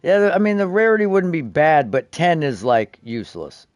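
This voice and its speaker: Cursing, excitable male game streamer. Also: a little high, moderate pace, no room sound. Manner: profane, excitable, many restarts. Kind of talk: casual game stream chat.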